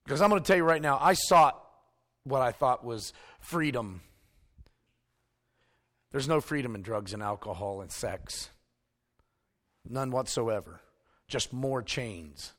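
Man, preaching a sermon, bright forceful tone, dramatic swings between hushed and loud. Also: medium pitch, lively intonation, measured pace, long pauses. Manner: emphatic, swings from hushed to shouting.

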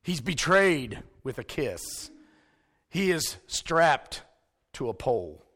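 A male preacher, delivering a sermon that swings from hushed storytelling to emphatic shouting. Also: on the high side, sing-song, slow, slightly rough.

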